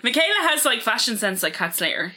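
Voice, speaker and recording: A woman co-hosting a podcast in casual chat with a friend. Her voice is bright and a little sharp, and she teases and laughs as she talks. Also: fairly high pitch, sing-song, fairly quick. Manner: teasing, laughs often. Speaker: podcast co-host.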